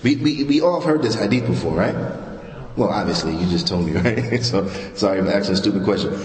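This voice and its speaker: A man giving a religious lecture in a mosque, talking informally, animated, and quizzing the audience with rhetorical questions. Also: lowish voice, brisk. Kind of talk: sermon. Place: mosque prayer hall. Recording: echoey mosque hall.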